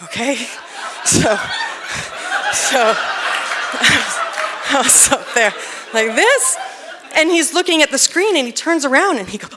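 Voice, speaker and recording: A woman telling a personal story on stage, animated and self-deprecating, often laughing as she talks. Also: sits high, a little slow, long pauses, background noise. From United States. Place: stage at a live storytelling event.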